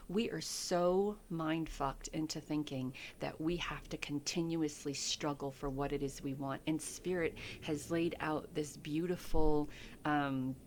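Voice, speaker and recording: A middle-aged woman giving a pick-a-card tarot reading, soft-spoken and unhurried, with frequent fillers. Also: low voice, a little hiss or hum. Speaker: tarot reader.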